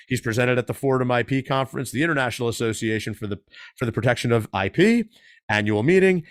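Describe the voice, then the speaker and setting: A man's voice: mid-range voice, no room sound, studio quality. A man hosting a talk radio show. He reads a long guest introduction and drops joking asides along the way. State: out of breath.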